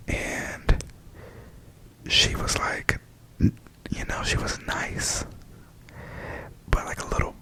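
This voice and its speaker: A man softly speaking and whispering in a chatty ASMR review, full of fillers, close to the mic. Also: low-quality recording. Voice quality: whispery, breathy.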